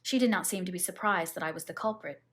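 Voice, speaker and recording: A woman's voice: on the low side, fast. Woman reading a novel aloud. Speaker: audiobook reader. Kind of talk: audiobook narration.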